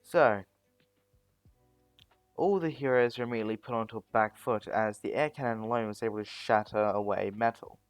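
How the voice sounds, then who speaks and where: A man's voice: lowish voice, normal speed, no room sound, soft background music. A man narrating a fan story, often stopping to correct himself as he goes. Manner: rambling, self-correcting.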